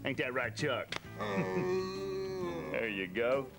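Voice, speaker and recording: A middle-aged actor with a Texan accent playing a bossy, teasing man who talks in a loud folksy drawl. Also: medium pitch, slow, gravelly. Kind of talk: kids TV series acting. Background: score music.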